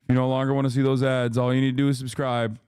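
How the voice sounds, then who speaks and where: Profane, ranting male streamer with smooth voice. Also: medium pitch, very fast, dry recording, clean studio sound. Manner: animated, profane, sarcastic ranting. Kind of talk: live stream commentary.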